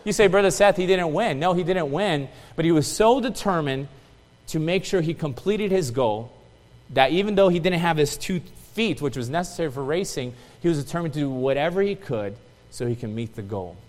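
A man's voice: on the high side, moderate pace. Man preaching a sermon in an echoing hall. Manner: storytelling, rises to excited emphasis then drops soft.

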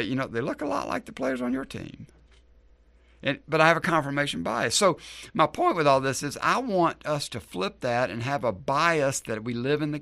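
A man's voice: medium pitch, a bit bright, dry recording. A man preaching a sermon as a pastor in an easygoing, conversational way, repeating key lines for emphasis.

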